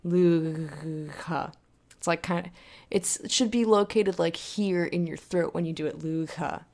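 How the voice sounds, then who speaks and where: A woman's voice: fairly low pitch, normal speed, vocal fry. A woman giving a casual, rambling spoken lesson on pronunciation, chatty and full of fillers. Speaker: language tutor.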